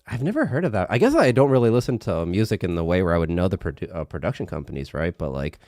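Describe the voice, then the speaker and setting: A young man chatting casually on a live stream, his voice thick from a congested nose. His pitch swings lively up and down as he laughs often and drops into halting Japanese. The sound is dry and close, with faint music underneath. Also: dry recording.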